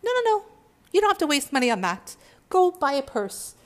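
A woman voicing the inner ego as a high, wheedling, tempting voice. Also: sing-song, brisk. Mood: coaxing.

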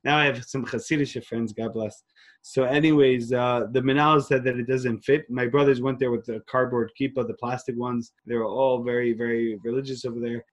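A man, a rabbi telling his story in an interview, earnest and full of restarts, dropping Hebrew and Yiddish phrases. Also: mid-range voice. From Queens, New York. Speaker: rabbi and organization leader, interview guest.

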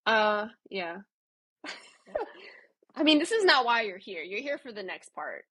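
A woman co-hosting a casual podcast, with a bright, somewhat breathy voice. She chimes in with facts and jokes in easy conversation. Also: mid-range voice, sing-song, takes it slowly, no echo. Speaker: podcast co-host. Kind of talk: casual educational chat.

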